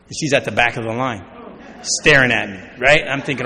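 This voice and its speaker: A man from Oregon, USA, speaks a little fast in a mid-range, pushed, bright voice as he gives a personal recovery talk at a convention. He tells his story by acting out conversations and keeps checking in with the crowd with "right?" The large convention hall adds long reverb and faint background noise.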